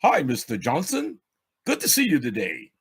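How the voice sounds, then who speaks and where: A man's voice: medium pitch, huge pitch swings, normal speed, fairly bright tone, breathy edge, full character voice. A man putting on the voice of an overly polite male office worker making small talk. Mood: mock cheerful. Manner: cheery, mock-formal.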